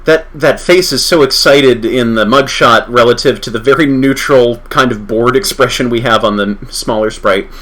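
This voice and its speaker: A man's voice: mid-range voice, normal speed, hardly any pauses, a bit bright. A man giving playful, self-deprecating commentary on a game livestream. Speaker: streamer.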